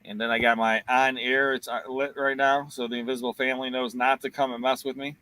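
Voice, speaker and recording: A man's voice: mid-range voice, little pitch movement, brisk, bright, forceful tone, dry recording. A man from Ohio hosting a casual livestream, joking around and reading viewer comments aloud. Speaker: livestream host and auctioneer.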